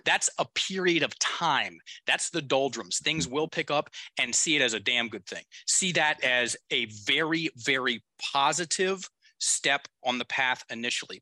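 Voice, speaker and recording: Bright, emphatic male coach. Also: medium pitch, no echo. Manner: emphatic, blunt, with casual swearing. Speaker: guest executive coach. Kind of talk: podcast conversation.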